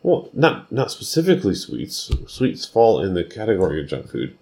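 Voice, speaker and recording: A man co-hosting a podcast, teasing and firing off quick questions in casual chat. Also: low-pitched, wildly swooping pitch, creaky, warm tone. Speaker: podcast co-host.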